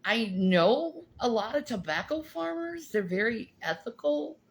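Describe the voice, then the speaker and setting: Lively, blunt woman podcast co-host. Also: on the high side, a little slow. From North Carolina. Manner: animated, blunt, swearing freely. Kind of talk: casual chat.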